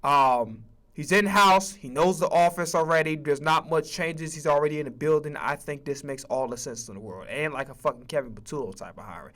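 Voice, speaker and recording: A man with a high, bright voice rants about football on his stream. He talks emphatically and swears often, tripping over quick restarts as he builds his points. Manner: emphatic, profane, animated, with frequent stammered restarts. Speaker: streamer and sports commentator. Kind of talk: casual sports rant.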